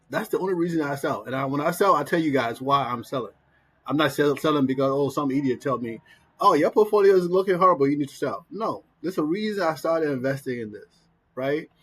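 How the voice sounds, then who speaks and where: A man's voice: mid-range voice, husky. A man, casually telling a story in a vlog, acting out what people said and asking "right?" as he goes. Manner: animated storyteller, acts out quotes, says "right?" often. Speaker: investing vlogger. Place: in Colombia.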